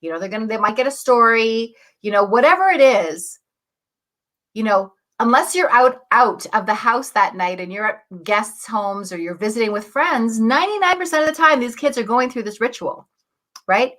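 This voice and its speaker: A woman hosting a live morning show, chatty and upbeat, greeting viewers and often asking "right?". She has a husky morning voice and keeps clearing her throat. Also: on the high side, expressive, normal speed, a bit bright. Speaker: host, coach.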